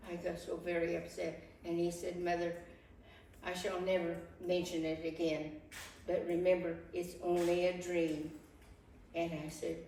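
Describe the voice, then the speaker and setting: A woman in her nineties playing a fretful Civil War-era first lady in a first-person monologue, halting and often restarting her words. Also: fairly low pitch, creaky, a little mellow. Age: 90s. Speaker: historical portrayer. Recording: echoey room from far off, faint noise.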